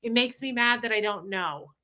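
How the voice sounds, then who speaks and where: A woman's voice: fairly high pitch, moderate pace, pushed and bright. A woman hosting a casual livestream chat, talking in an emotional, rambling way and swearing freely. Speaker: livestream host.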